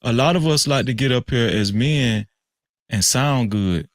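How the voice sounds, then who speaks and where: A man on a podcast panel, lecturing and swinging from low murmurs to shouts. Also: measured pace, dry recording, studio quality. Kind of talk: heated panel talk. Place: live-stream podcast studio.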